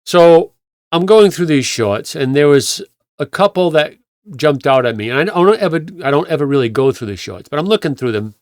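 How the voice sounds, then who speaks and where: A man's voice: mid-range voice, dry recording, clean studio sound. A male pastor telling stories in a rambling, conversational way, with frequent restarts and acted-out quotes. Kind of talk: conversational sermon storytelling.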